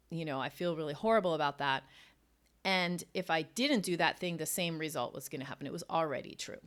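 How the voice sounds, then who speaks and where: A woman's voice: fairly low pitch, a bit bright. A middle-aged woman hosting a solo coaching podcast, chatty, with many "like" fillers and frequent laughs. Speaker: academic writing coach and podcast host. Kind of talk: casual solo podcast talk.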